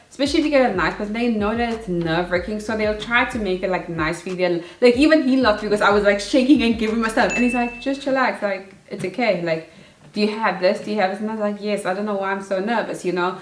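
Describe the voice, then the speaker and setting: A young woman talks straight to camera in a chatty, animated way. She acts out her own past nerves as she gives advice. Her voice sits at a middle pitch, and the room around her is echoey. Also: quick pace, a little hiss or hum. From South Africa. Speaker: vlogger. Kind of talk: casual advice vlog.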